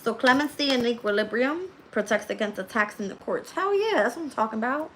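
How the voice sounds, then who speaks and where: A woman's voice: a little high, quick pace, a bit bright, a little hiss or hum. A woman reading tarot on a live stream, chatting loosely with her viewers, laughing a lot and swearing freely. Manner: talks loosely with slang.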